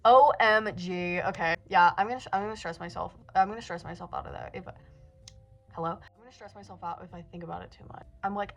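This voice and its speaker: A woman's voice: fairly low pitch, fairly bright tone. A young woman in her late teens talking to camera in a casual vlog, anxious and rambling, swearing often. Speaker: book vlogger.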